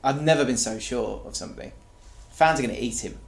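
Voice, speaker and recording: A man co-hosting a casual football podcast, talking in an animated way with frequent restarts. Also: mid-range voice, a little fast, gravelly. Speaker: podcast co-host.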